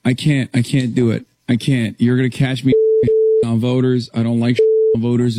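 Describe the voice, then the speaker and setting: A man ranting in exasperated, profane bursts, circling back to the same phrases again and again. His tone is dark and mellow. The sound is dry and close. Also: mid-range voice, level tone, normal speed, dry recording. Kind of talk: ranting commentary.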